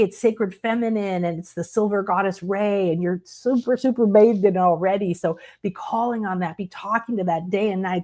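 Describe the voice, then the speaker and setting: A middle-aged woman speaks to her viewers as a spiritual teacher. Her talk is unscripted and earnest, and it wanders from thought to thought. She sits in the middle range of pitch and speaks from the heart. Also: darkish tone.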